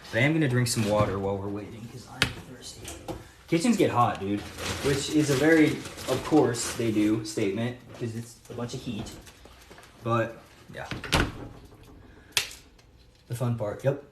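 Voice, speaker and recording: This home cook vlogger talks to camera at a moderate pace in a medium-pitched voice, pausing often as he thinks aloud while cooking. It's casual cooking-vlog chat, and the kitchen audio comes across as distant, roomy, and noisy.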